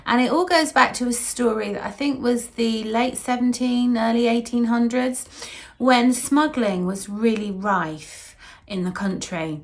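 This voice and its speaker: Woman, gravelly voice, casual chat to camera, rambling storyteller, home kitchen. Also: on the high side, steady tone, a little slow. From Wiltshire, England. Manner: chatty storytelling with fillers and asides. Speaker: singer-songwriter host.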